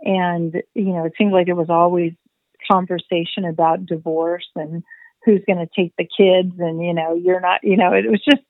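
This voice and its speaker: A middle-aged woman telling a personal story as an interview guest, animated and acting out remembered dialogue. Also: fairly low pitch, normal speed, dry recording. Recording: tinny phone-like line, dry.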